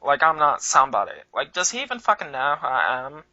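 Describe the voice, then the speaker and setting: A man's voice: mid-range voice, fast, no echo, dull audio. A man co-hosting a comedy talk show, telling stories casually and acting out the people in them. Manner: animated storyteller who acts out the people in his stories.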